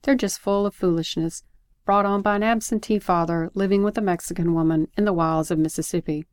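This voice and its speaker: A woman's voice: lowish voice, fairly even intonation, brisk, no room sound, clean studio sound, lightly acted. A woman voicing a regal, composed mother who speaks in formal, ornate phrases. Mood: stately. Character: regal velvet-voiced mother, composed and grand.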